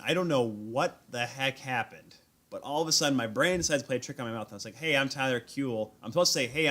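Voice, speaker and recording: A man hosting a live sports talk stream, telling animated, self-deprecating stories about his encounters at an event. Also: medium pitch. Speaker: host. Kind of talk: casual sports chat. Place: remote stream call.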